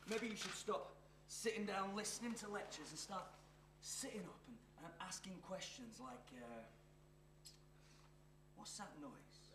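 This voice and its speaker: A man's voice: sits high, lively intonation, measured pace, long pauses, echoey room, background noise. An actor playing a menacing, scheming male arsonist on stage, taunting and sneering. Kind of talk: stage play performance.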